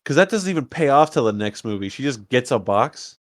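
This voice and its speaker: A man co-hosting a podcast, talking through a horror movie in a relaxed, wry and opinionated way. His voice sits at an ordinary pitch for a man. It is recorded close and dry, with little room sound. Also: fairly quick, no room sound. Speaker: podcast co-host. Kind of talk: casual movie-review chat.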